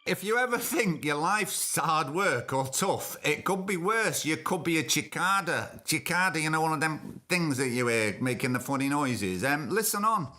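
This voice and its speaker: Male host, sarcastic news reader, a bit high, bright and forceful tone. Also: lively intonation, normal speed, hardly any pauses. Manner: sarcastic, mocking asides, chatty. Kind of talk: casual commentary, reading news aloud.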